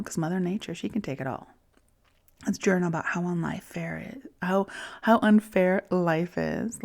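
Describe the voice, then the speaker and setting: A woman in her forties hosting a reflective self-help podcast, talking softly and often in a whisper, soothing herself. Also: lowish voice, normal speed, vocal fry. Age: 40s. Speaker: podcast host.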